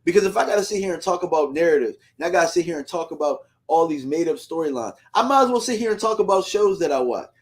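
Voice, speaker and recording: A man's voice: on the high side, animated, quick pace, few pauses. A man hosting a fan livestream, ranting heatedly in slangy casual talk and reading out viewer comments.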